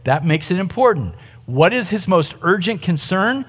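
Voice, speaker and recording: A male pastor with a high voice preaches in a lively, conversational way. He often turns to the listeners with questions as he speaks. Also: normal speed. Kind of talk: sermon.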